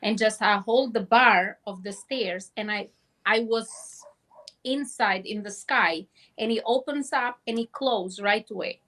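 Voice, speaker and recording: A woman telling a long dream story over a phone call, halting and restarting often. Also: medium pitch, fairly bright tone. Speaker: guest.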